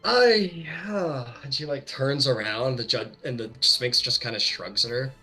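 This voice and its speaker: A man's voice: mid-range voice, steady tone, normal speed, pushed and bright, soft background music, poor audio. A man narrating as game master of a tabletop game in a casual, rambling way. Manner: casual, many fillers and restarts.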